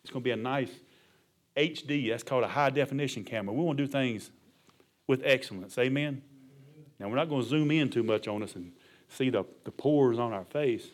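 A man's voice: mid-range voice, fairly quick. A middle-aged male pastor preaching a sermon, emphatic and colloquial, punctuating his points with amen and hallelujah.

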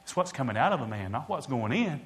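A preacher delivering a sermon, swelling loud and dropping quiet, calling out to the congregation. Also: male voice, medium pitch, sing-song, quick pace.

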